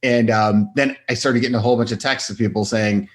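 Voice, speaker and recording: Animated, low-voiced man telling stories. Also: brisk. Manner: animated storyteller, acts out quotes with laughs. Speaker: doctor, podcast guest. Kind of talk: casual interview chat.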